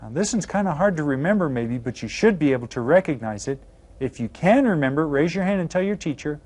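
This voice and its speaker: A man teaching a recorded Spanish lesson to children, upbeat, prompting students with counts and saying the Spanish words slowly and carefully. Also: a little high, expressive, darkish tone.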